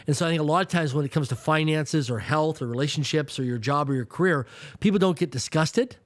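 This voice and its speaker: A man's voice: on the high side, quick pace, dry recording, clean studio sound. A man in his fifties from Canada, a guest telling stories in an emphatic way, repeating words and acting out quoted voices. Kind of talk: storytelling interview talk.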